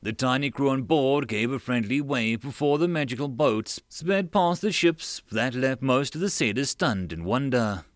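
Expressive male audiobook narrator. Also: medium pitch, moderate pace, few pauses, no room sound, clean studio sound. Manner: expressive reading voicing all characters. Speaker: audiobook reader.

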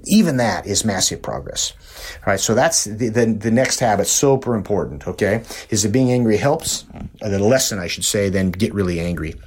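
A man's voice: lowish voice, lively intonation, moderate pace, slight background noise. A middle-aged man hosting a podcast, telling folksy motivational stories and often repeating words as he goes. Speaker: podcast host. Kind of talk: motivational storytelling.

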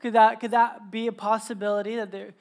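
A man's voice: high-pitched, little pitch movement, a little fast. A man in his thirties, a pastor preaching a sermon to his congregation, telling family stories in a chatty, joking way with many restarts and laughs. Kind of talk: sermon with personal storytelling. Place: church service before a live congregation.

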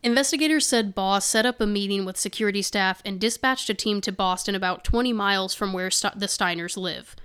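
A woman co-hosting a chatty podcast, her voice smooth and resonant at a middling pitch. She reads news passages aloud and breaks off for indignant, sarcastic remarks. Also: a little fast, few pauses, fairly bright tone. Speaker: podcast co-host. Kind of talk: casual chat, reading news excerpts aloud.

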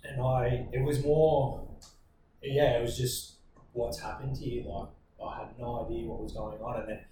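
A man in his twenties with an Australian accent, telling a personal story as a podcast guest in an earnest, reflective way with halting bursts. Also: mid-range voice, steady tone. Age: 20s. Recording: very echoey room, distant mic, ambient noise.

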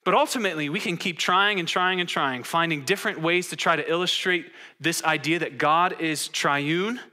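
A man's voice: on the high side, moderate pace. A man preaching a sermon, teaching his congregation and often stopping to ask them questions. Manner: lively, engaging the congregation with questions. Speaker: pastor.

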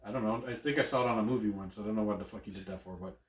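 A man's voice: lowish voice, rapid-fire. A married man hosting his own podcast in loose chat. He swears freely and laughs a lot. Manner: loud, profane, laughs often. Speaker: podcast host. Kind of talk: casual chat. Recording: echoey room, mic at a distance.

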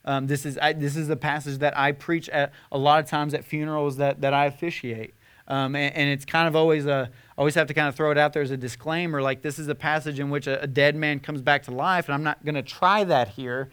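A young man preaching a sermon as a pastor, conversational with fillers, swinging from impassioned emphasis to hushed tenderness. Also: on the high side, steady tone, brisk, clean tone. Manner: earnest, rising to impassioned emphasis then hushed.

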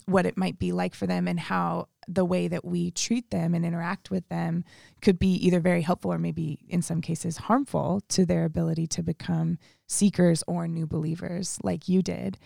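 A woman's voice: lowish voice, creaky, dry recording, clean studio sound. A woman co-hosting a church podcast, reflecting aloud on the story and easing into the discussion questions. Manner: warm-affirming, reflective, thinks aloud with restarts. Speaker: small groups director, co-host. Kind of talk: podcast conversation.

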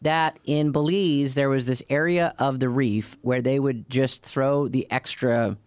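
A man's voice: mid-range voice, steady tone, measured pace, clear, resonant tone, no echo. A man co-hosting a casual chat, telling stories with dry, self-deprecating humor. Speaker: podcast co-host.

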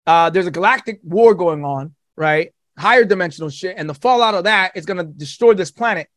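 A man as a podcast guest, rambling and swearing through an animated, casual talk. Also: high voice, a little fast, hardly any pauses, no room sound, clean studio sound. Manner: profane, rambling, animated storytelling.

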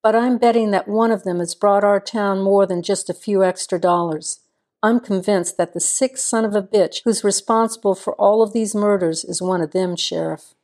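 A woman's voice: mid-range voice, steady tone, normal speed, a little mellow, lightly acted. A woman reading as a grim small-town deputy. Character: weary grown man, small-town deputy, blunt.

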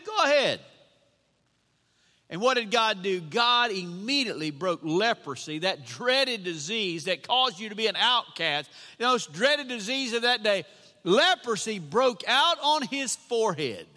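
High, bright preacher in a hall. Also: male voice. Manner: emphatic preaching, repeats lines, asks the congregation questions. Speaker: pastor. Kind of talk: sermon. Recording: long reverb of a hall.

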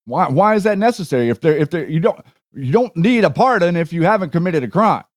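A man argues his side on a casual political talk stream in a somewhat high voice. He often repeats his first few words before getting a sentence out. The recording is dry, with little room sound. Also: expressive, brisk, no room sound. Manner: repeats words when starting, argumentative. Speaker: co-host.

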